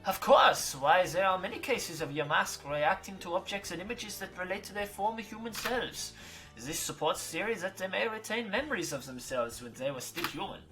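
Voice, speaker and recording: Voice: mid-range voice, lively intonation, over music, close to an everyday voice. A gamer voicing a flamboyant French woman teacher with a put-on French accent and theatrical delivery. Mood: musing. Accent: fake French. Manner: theatrical, dramatic pauses.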